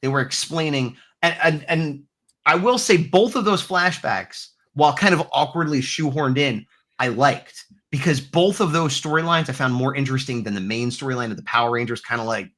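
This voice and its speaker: A man co-hosting a casual review podcast, talking in an animated, rambling way with frequent restarts. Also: medium pitch, normal speed. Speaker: podcast co-host reviewing episodes. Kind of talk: casual chat.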